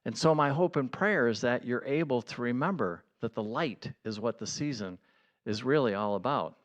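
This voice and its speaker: A man giving a conversational sermon as a pastor, earnest and building to excited emphasis. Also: mid-range voice, moderate pace.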